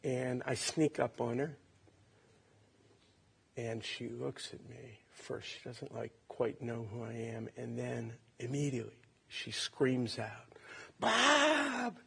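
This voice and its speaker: A man in his late sixties from Ohio, a son giving a halting, tender eulogy at a funeral. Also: mid-range voice, little pitch movement, vocal fry, breathy edge. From Cleveland, Ohio. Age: 60s. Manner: halting, reflective, tender storytelling.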